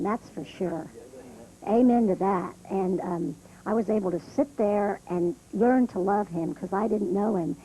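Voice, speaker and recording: A woman's voice: medium pitch, vocal fry, warm tone, a little hiss or hum, rough recording. A country singer, a woman, talking in a heartfelt, emotional way on a TV reunion show. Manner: heartfelt, emotional, slightly tearful. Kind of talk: casual chat on a TV show.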